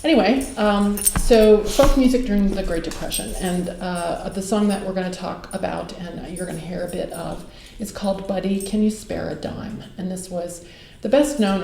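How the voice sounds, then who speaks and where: Mellow-voiced woman teaching from home. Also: on the low side, creaky, a little hiss or hum. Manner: relaxed, frequent ums and uhs. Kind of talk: casual video lecture. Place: home music room. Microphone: camera mic. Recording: roomy echo of a home room.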